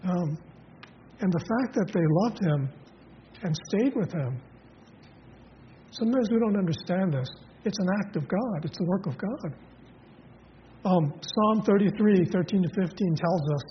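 A man preaching a sermon, reading scripture verses aloud in a measured way, then explaining them with pauses and fillers. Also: high voice, animated. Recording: lo-fi hall recording with long reverb and faint noise.

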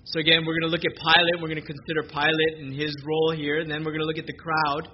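A man preaching a sermon at a church service, reading scripture in a measured way and slowing down for emphasis. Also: fairly high pitch, level tone. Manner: measured preaching, slows for emphasis, occasional fillers. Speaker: pastor. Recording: dull lo-fi recording with noise.

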